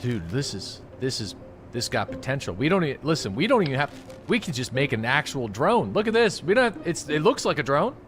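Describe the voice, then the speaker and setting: A young man streaming a game, chatting casually, swearing freely and getting loudly excited at new finds. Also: a little fast, faint music behind. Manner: excitable, swears a lot, jumps up high when surprised. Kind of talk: casual gaming livestream chat.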